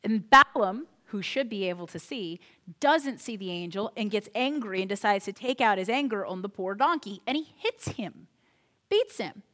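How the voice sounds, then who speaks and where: A woman pastor retelling a story in a sermon, animated and chatty with little asides. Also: medium pitch, moderate pace.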